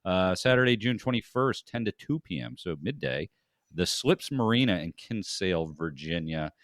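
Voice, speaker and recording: A middle-aged man hosts a casual podcast chat, stopping and restarting as he rambles. His voice sits low. It is recorded dry and close. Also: a bit bright, no echo. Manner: rambling, many fillers and restarts. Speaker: podcast host.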